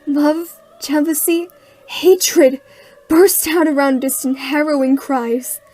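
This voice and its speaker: A woman playing a young woman who recounts a terrifying captivity in hushed, haunted narration. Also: high-pitched, steady tone, slow. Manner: hushed, haunted recounting, rising into frantic cries. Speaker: actress narrating in a student short film. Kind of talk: dramatic storytelling narration.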